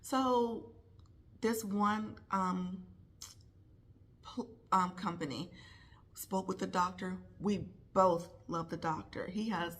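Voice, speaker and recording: A middle-aged woman speaking personally to camera in a vlog, heartfelt and halting, with pauses and repeated words. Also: medium pitch, fairly even intonation. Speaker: vlogger, nurse.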